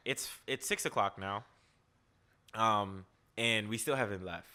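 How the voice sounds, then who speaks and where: A young man hosting a podcast, telling a story in casual chat, animated and profane, full of "like" and "yo". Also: lowish voice, measured pace, pauses often. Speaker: podcast host.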